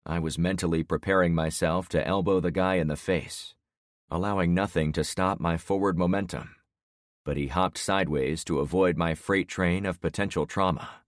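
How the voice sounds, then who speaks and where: A man in his sixties narrating an audiobook in the first person with steady storytelling. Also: low-pitched, no echo, clean studio sound. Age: 60s.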